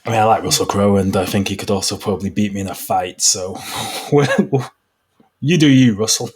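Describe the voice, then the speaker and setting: A British man co-hosts a live online podcast, his voice fairly low and a little mellow with a breathy edge. He keeps a moderate pace and chats casually, his humor wry and sarcastic, laughing often through his lines.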